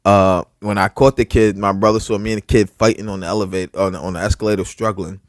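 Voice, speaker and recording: A man's voice: on the low side, quick pace, no echo, studio quality. Profane, rambling storyteller man. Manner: heavy filler words, profane, animated retelling. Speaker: podcast co-host. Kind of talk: casual storytelling.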